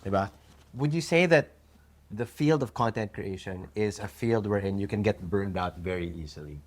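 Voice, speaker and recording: A Filipino-accented man with a fairly low voice, co-hosting a casual talk show. He sets up questions in a blend of English and Tagalog and drops dry little asides. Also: normal speed. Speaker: co-host. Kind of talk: casual chat.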